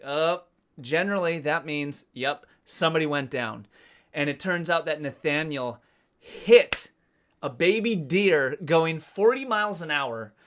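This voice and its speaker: A man in his forties chats on a live stream, reading comments and drifting into long, profane road-trip stories. His voice sits a little higher than most men's, and the delivery is loose and offhand. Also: fairly bright tone. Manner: rambling, profane storytelling while reading chat. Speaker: cycling channel host. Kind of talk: casual live-stream chat.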